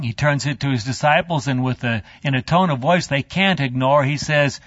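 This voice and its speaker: A man teaching a Bible study, retelling a story in an animated, halting, chatty way with a handout. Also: medium pitch, no echo. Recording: dull lo-fi dry.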